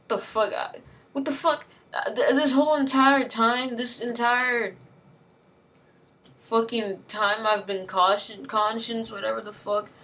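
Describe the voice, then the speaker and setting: In a mid-range, fairly bright voice, a woman vents in an angry rant full of profanity and slang, repeating herself as she goes. She sounds heated, and her voice is picked up from a distance.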